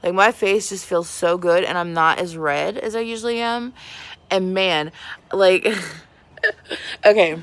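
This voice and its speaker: A woman's voice: on the low side, slow, long pauses. A woman in her thirties hosting a casual livestream from her porch, chatting with viewers and greeting them by name. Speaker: beauty vlogger hosting a livestream. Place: outdoors on a porch.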